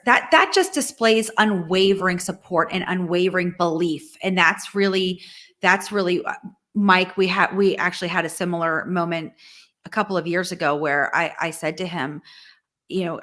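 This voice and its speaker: A woman in her forties talks as a guest in a heartfelt business conversation. Her bright, forceful voice stays earnest and emphatic, and she often circles back to restart a sentence. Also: fairly low pitch.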